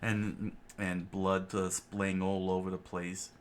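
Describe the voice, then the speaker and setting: Low slow-talking man reading a story. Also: slight background noise. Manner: relaxed, with fillers and asides. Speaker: reader. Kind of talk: casual storybook read-aloud.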